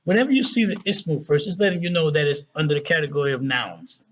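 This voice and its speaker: A man teaching a casual Arabic lesson who often checks in with "right?" and "okay?" and slows down to spell out words. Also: on the high side, expressive, muffled recording.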